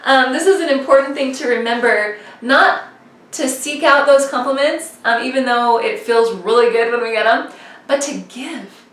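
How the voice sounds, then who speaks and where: A woman in her thirties telling a personal story in a casual, animated way, full of "like" and "you know". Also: sits high, moderate pace, echoey room, recorded from a distance. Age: 30s. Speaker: motivational vlogger.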